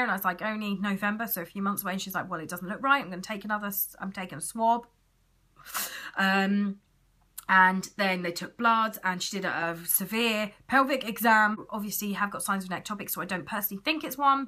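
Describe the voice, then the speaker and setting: A woman's voice: mid-range voice, sharp tone. A British woman in her thirties telling a personal story to camera in a chatty vlog, acting out what others said to her. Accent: British English. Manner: chatty, acts out others' lines in quoted voices. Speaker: vlogger.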